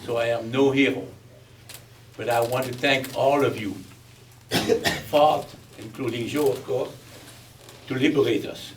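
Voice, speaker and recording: A man in his eighties with a Belgian accent, giving a speech with humor as a chuckling, animated storyteller. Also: medium pitch, a little slow, long pauses. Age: 80s. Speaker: guest speaker. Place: museum event hall. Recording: distant mic with faint background noise.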